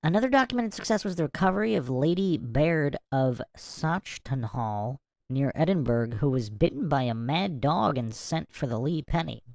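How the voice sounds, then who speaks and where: A woman hosting a podcast, reading passages aloud and stopping often for incredulous asides. Her voice sits low and sounds mellow and dark. The recording is dry, with no room sound. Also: creaky, no echo. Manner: reads passages and breaks off to react with incredulous asides. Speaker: podcast host. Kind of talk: casual commentary and reading aloud.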